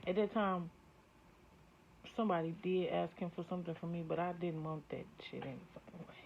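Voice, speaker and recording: A woman's voice: on the low side, steady tone, fairly quick, creaky. A woman giving a casual spiritual tarot reading, talking bluntly and profanely, and she often builds into heated rants. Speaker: spiritual reader. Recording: dull lo-fi audio, faint hiss.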